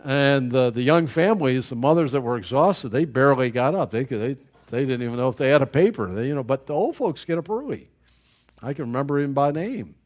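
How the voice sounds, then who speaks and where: In an expressive, medium-pitched voice, a preacher delivers a folksy, story-driven sermon. He laughs at his own anecdotes, and his speech is halting, with frequent restarts.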